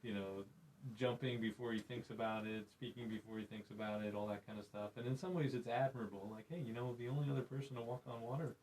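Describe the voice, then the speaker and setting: A man's voice: medium pitch, fairly even intonation, fast talker, a little mellow, a little hiss or hum, rough recording. A man hosting a faith podcast, reflective and preacherly, retelling Bible scenes in conversation. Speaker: podcast host.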